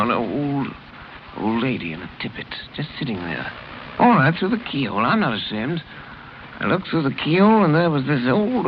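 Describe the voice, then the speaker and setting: Brief: a sozzled upper-class gent, high and swooping, slurred and rambling, on a muffled old radio tape. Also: male voice, a little hiss or hum, heavily acted. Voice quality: slurred, singsong drunken rambling. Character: drunken upper-class English gentleman, rambling and silly. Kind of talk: 1930s radio drama rehearsal.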